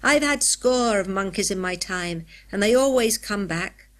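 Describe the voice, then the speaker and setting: A woman's voice: medium pitch, animated, measured pace, close to an everyday voice. Woman doing a folksy old cave guide. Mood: folksy, teasing. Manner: folksy rustic dialect speech. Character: gruff cheerful old male cave guide.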